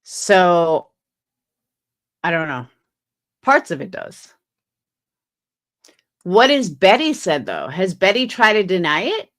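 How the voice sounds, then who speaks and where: A woman's voice: fairly low pitch, very animated, takes it slowly, long pauses, fairly bright tone. Chatty skeptical woman livestreaming. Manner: chatty, skeptical, reads messages aloud to viewers. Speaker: livestream host. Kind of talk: casual livestream commentary.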